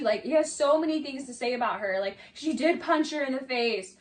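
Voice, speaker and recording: A high-pitched woman talking loosely and fast-flowing, peppering everything with "like" and snarky asides. She sits a little back from the mic, so her voice carries some distance. It sounds like a casual video essay commentary. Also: a little hiss or hum. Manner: chatty, many "like"s, mocking asides.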